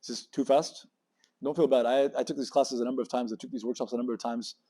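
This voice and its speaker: A man in his thirties gives a religious talk to students, with words tumbling out at a very fast clip. His voice has a warm, mellow tone, and he jumps into little acted-out voices for the people in his examples. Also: mid-range voice, steady tone. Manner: talks very fast, acts out voices in his stories. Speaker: Muslim speaker giving a campus talk. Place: university lecture room.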